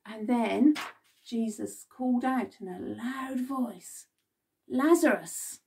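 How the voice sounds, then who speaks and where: A woman's voice: fairly high pitch, slow pace, creaky, warm tone, recorded from a distance, slight background noise. A woman leading a children's Bible club, telling the story expressively and asking the children questions.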